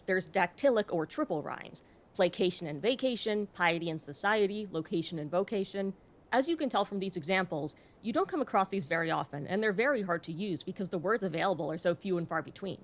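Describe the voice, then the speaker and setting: A woman hosting an educational video, narrating from a script in a clear, explanatory way with the occasional wry aside. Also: mid-range voice. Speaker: host.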